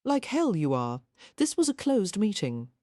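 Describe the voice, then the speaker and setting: A woman's voice: medium pitch, huge pitch swings, measured pace, warm tone, no room sound, clean studio sound, voice pushed up. A woman voicing an eccentric young noblewoman, earnest and blunt, often exasperated, in an audiobook.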